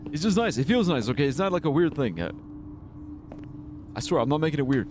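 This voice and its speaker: A man's voice: fairly high pitch, big pitch swings, fast talker, noisy background. A man streaming a game live, rambling and swearing freely as he comments. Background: game music.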